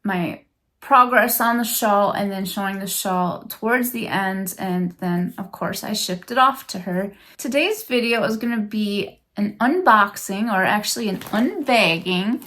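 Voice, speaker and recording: A woman's voice: medium pitch, a bit bright. A woman vlogging to camera as she unboxes a handmade gift, gushing and emotional, repeating her praise over and over. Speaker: crochet vlogger. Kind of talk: unboxing vlog, casual chat to camera.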